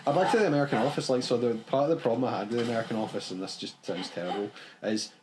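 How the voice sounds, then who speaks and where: A man's voice: mid-range voice, very fast, background noise. A Scottish man chatting casually during a let's play, rambling and correcting himself as he goes. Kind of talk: casual gaming chat.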